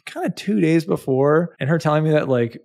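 A man's voice: on the high side, animated, a little fast, gravelly, a little mellow. Rambling man telling a story. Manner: rambling, heavy on filler "like" and "you know". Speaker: podcast guest. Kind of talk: casual storytelling chat.

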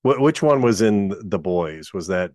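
A man's voice: lowish voice, expressive, unhurried, a little mellow, no echo, clean studio sound. A man co-hosting a podcast, telling a rambling anecdote in casual chat and laughing at his own story. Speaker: podcast co-host.

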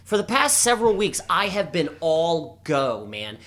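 Baltimore dude cohosting a podcast, swears constantly, rambly and jokey, bright voice. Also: male voice, a little high, sing-song, unhurried. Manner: profane, rambling, joking. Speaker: podcast co-host. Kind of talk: casual chat.

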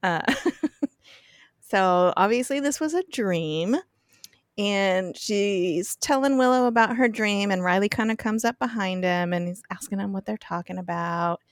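A woman's voice: medium pitch, unhurried, dry recording. Giggly woman telling a story, dry mic. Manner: giggly, chatty storytelling with frequent laughs. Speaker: podcast guest recapping an episode. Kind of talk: casual chat.

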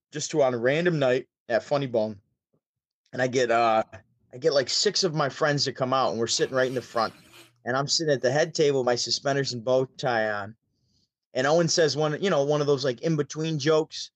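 A man from Syracuse, New York, telling stories as a podcast guest over a remote call, chatty and animated. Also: mid-range voice, no echo. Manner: chatty, animated, with frequent restarts. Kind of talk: casual storytelling.

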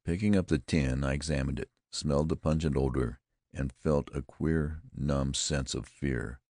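A man narrating a first-person audiobook in a measured, deliberate storytelling manner on a close microphone. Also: very deep voice, a little mellow, no echo.

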